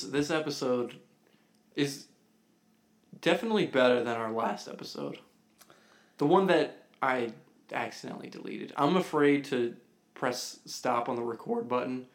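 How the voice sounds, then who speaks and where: Tired young man co-hosting a podcast. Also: mid-range voice. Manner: tired, amused listener. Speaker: podcast co-host. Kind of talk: casual podcast chat.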